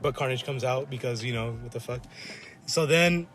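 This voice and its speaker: A man co-hosting a casual podcast, rambling and swearing as he riffs and acts out characters in quick asides. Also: medium pitch, over music. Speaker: podcast co-host. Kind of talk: casual chat. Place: collectibles shop.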